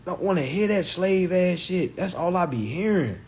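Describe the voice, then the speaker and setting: A man speaking on a phone livestream with an animated, swooping delivery, his pitch climbing and dropping sharply. He swears freely and drives each point home. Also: normal speed, few pauses, slight background noise. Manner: profane, emphatic, acts out other people's voices. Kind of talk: animated monologue to viewers.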